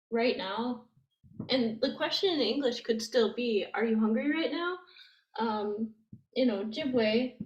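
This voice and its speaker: A woman teaching language grammar, explaining step by step in a patient way and thinking aloud with many fillers. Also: fairly high pitch. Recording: echoey room with faint noise.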